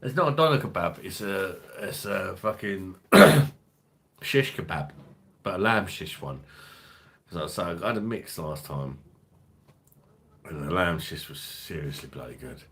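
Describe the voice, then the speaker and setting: Deep bloke on a beer stream, rambly, swears a lot, reads chat. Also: male voice, animated, measured pace, pauses often, a bit bright. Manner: swears freely, rambling, laughs often. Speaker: beer review channel host. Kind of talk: casual livestream chat reading viewer comments.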